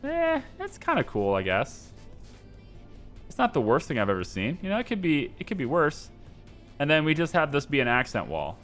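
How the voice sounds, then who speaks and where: Now his voice runs on the high side, swooping wildly in pitch at normal speed, a bit bright, with soft music behind. He keeps up rambling gameplay commentary while decorating, indecisive and mocking himself.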